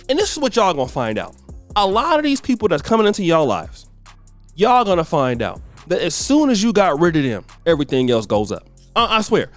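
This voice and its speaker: A man hosting a celebrity gossip show, giving blunt, scolding commentary full of slang. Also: extremely high pitch. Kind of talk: ranting commentary.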